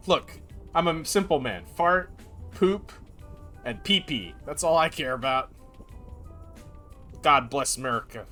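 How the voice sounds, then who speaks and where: A young man rambles through a casual live stream, joking as he goes and slipping into baby talk for his cat. His pitch sits in the middle range, and soft music plays faintly behind him. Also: animated, measured pace, pauses often. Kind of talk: casual chat.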